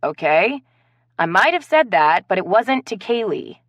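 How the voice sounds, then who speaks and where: A woman's voice: medium pitch, very animated, unhurried, dry recording, highs cut off. A woman doing an exasperated, short-tempered woman. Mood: angry. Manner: sharp, exasperated.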